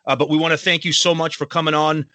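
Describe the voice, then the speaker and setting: Bright-voiced podcast co-host. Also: male voice, fairly high pitch, little pitch movement, fast, dry recording. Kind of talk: casual podcast chat.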